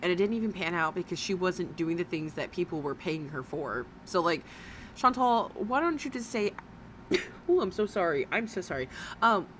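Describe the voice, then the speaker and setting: A woman's voice: fairly low pitch, expressive, normal speed, slight background noise. A woman giving blunt, mocking reaction commentary, swearing freely as she talks over a clip. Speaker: commentary host.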